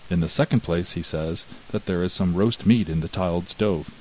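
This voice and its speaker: A man voicing a sly, clever little peasant who speaks in a calm, knowing way, with a low voice. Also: normal speed, slight background noise, close to an everyday voice, low-quality recording.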